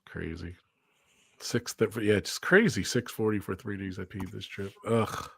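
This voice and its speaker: A man's voice: lowish voice, a little slow, vocal fry, a bit bright, breathy edge, no room sound. A man co-hosting a casual livestream chat, talking freely and laughing often. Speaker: podcast co-host.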